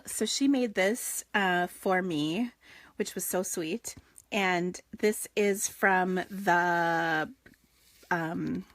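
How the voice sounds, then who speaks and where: A woman's voice: on the low side, a bit bright, no room sound. A woman hosting a casual live craft stream, chatty and gushing with lots of fillers. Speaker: craft show host.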